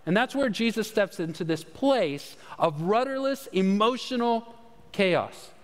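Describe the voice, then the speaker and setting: A man's voice: sits high, expressive, measured pace. A man giving a conversational sermon as pastor, with easy fillers and repeated words. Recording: long hall reverb.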